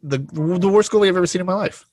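A man co-hosting a podcast, retelling TV scenes in a dry, understated way, his voice often sinking low and soft. The sound is close and dry, with no room around it. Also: quick pace, breathy edge, no room sound. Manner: dry storyteller who retells scenes, voice dropping low and quiet. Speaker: podcast co-host. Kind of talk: casual chat recapping a TV episode.

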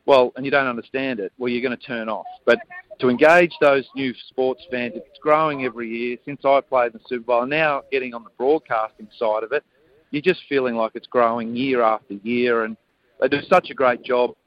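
A man's voice: mid-range voice, fairly even intonation, fairly quick, lo-fi sound. A man speaking as a guest commentator in a casual radio interview, earnest and enthusiastic.

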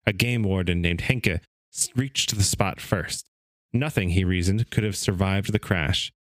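A man with a deep voice reads a story aloud on his casual podcast, a little slowly, with no room sound. He keeps a steady pace, trips over some words, and laughs the slips off.

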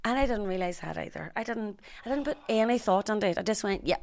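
A woman in her thirties with a Northern Irish accent, guesting on a podcast and telling animated stories with acted-out quotes. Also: medium pitch, fast, gravelly. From Northern Ireland. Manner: animated storyteller, acts out quotes. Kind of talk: casual storytelling chat.

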